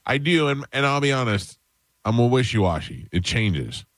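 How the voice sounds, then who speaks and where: A man's voice: mid-range voice, moderate pace, no room sound, clean studio sound. A man hosting a morning radio show, chatting casually and telling rambling stories. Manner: rambling, animated storytelling.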